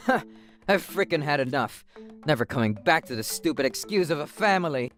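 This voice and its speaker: A woman voicing a surly, drunken husband who talks in a gruff, dismissive way. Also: low-pitched, animated, normal speed, faint music behind, pitched below the performer's own voice. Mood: angry. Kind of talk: scripted story narration.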